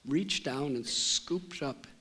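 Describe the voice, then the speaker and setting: Slow, measured male spiritual teacher. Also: a little high, sharp tone, slightly rough. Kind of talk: storytelling talk.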